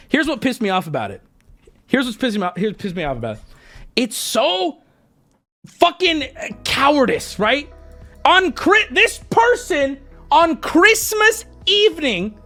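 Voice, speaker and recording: A man in his thirties telling an exasperated, profane story to his live stream, swinging between yelling and low muttering.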